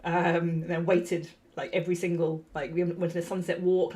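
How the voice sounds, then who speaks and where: A woman's voice: fairly low pitch, little pitch movement, normal speed, dark tone. A young adult woman co-hosting a podcast, telling stories in a chatty way with many ums and laughs. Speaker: podcast co-host. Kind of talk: casual chat.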